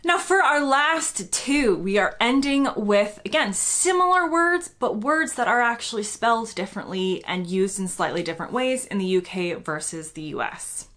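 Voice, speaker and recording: A woman's voice: a little high, expressive, moderate pace, hardly any pauses, a bit bright. An American woman from the United States, a YouTuber explaining to camera in a chatty, self-deprecating way.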